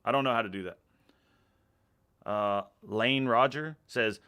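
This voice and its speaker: A man's voice: medium pitch, takes it slowly, long pauses, sharp tone, smooth. A man in his thirties with a Texan accent, chatting casually on a live stream and reading out viewer comments, rambling and laughing a lot. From Texas, USA. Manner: rambling, laid-back, laughs often, trails off mid-sentence.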